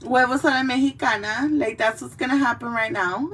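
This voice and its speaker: A woman's voice: high-pitched, animated, a little slow, a bit bright, slightly rough. A young woman hosting a casual drinking chat, rambling, swearing freely and heartfelt. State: tearful in places. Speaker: host. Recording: mic a bit distant, faint background noise.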